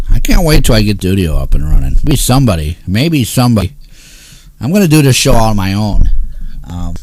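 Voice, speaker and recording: Cranky guy from the northeast hosting his own show, lowish voice, swears a lot and grumbles at everyone. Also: a little mellow. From Northeastern United States. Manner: grumpy, cursing, exasperated rants. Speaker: host. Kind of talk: casual ranting talk show.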